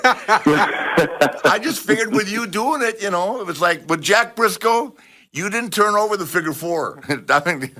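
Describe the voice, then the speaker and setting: Bright-voiced older man telling stories. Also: a little high. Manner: animated storyteller, acts out dialogue, laughs often. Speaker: podcast host. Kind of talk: casual storytelling chat.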